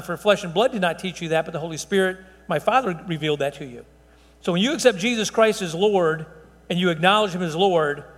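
A man's voice: high voice, in a large hall. A man preaching a conversational Bible-teaching sermon, emphatic, with fillers and restarts. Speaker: pastor.

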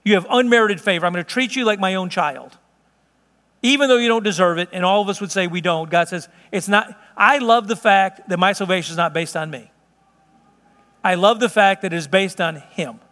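A man's voice: high voice, brisk, bright, forceful tone, big-room sound. A man pastor preaching a sermon in an earnest, conversational way, telling vivid stories from everyday life.

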